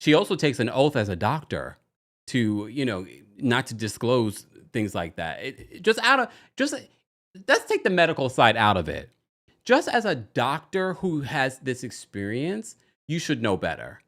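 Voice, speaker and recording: A man hosting a casual livestream recap, chatty and animated, often breaking into exaggerated quotes of the people he talks about. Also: moderate pace. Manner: animated, chatty, slips into quoting people in exaggerated high voices. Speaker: podcast host recapping a reality show.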